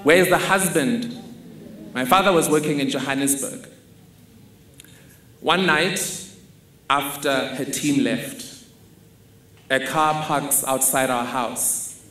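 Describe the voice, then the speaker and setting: Slow, wry man in a roomy hall. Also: medium pitch, pushed and bright. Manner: measured, wry, personal storytelling. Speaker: speaker. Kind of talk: storytelling talk on stage. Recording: roomy hall with faint ambience.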